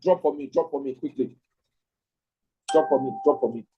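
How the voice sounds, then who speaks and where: A man's voice: mid-range voice, normal speed, mellow, slightly rough, lo-fi sound. A man teaching an online leadership class, thinking aloud, ending points with "right?" and reading out participants' chat answers. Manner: thinking aloud, frequent "right?" tag questions. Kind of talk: online class lecture with audience questions.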